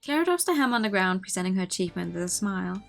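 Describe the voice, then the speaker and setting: A woman streamer reading a visual novel aloud, with expressive narration and playful asides. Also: medium pitch, very fast, vocal fry, faint music behind.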